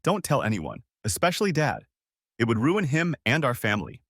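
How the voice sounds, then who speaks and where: A man's voice: mid-range voice, huge pitch swings, normal speed, fairly bright tone, no echo, clean studio sound. A man voicing a guilty wife and mother who leaves anxious, pleading voicemails.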